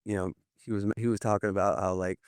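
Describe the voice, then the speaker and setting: A man's voice: fairly low pitch, little pitch movement, fast, a little mellow, clear, resonant tone, dry recording, studio quality. A man in his thirties, a podcast guest, telling his story in a candid, rambling way with many fillers and restarts. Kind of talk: candid interview talk.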